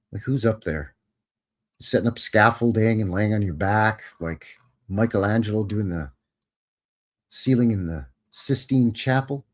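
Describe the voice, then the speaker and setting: A man hosting a live show who comments casually on photos, with a wry and joking manner that turns easily to amazement. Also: lowish voice. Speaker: host.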